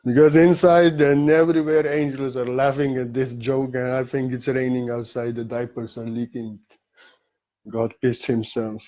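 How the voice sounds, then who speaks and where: A man's voice: mid-range voice, little pitch movement, normal speed. Playful man giving a spiritual talk. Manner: playful, laughing, swings between loud bursts and soft murmurs. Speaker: spiritual teacher. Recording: slightly dull lo-fi audio.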